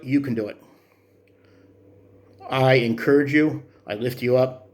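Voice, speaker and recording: A man's voice: mid-range voice, moderate pace, long pauses, darkish tone. A man in his fifties talking through his workout progress in a vlog, earnest and encouraging in a rambling way. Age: 50s. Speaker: vlogger. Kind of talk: motivational fitness vlog.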